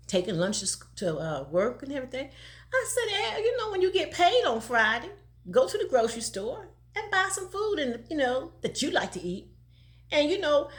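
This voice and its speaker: Lively, bright-voiced woman telling a story. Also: high-pitched. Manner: animated, laughing often, country dialect. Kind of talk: casual storytelling.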